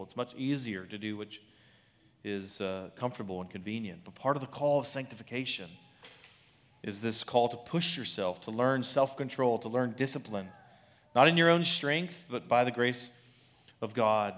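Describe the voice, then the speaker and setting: Male pastor, mid pitch, relaxed conversational sermon delivery. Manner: conversational, asks "right?" often, with restarts. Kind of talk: expository sermon.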